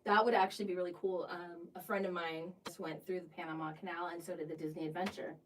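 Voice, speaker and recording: A woman's voice: on the low side, steady tone, quick pace. A woman co-hosting a casual travel chat at home, chatty and teasing, with lots of fillers. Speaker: podcast co-host. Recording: distant mic with faint noise.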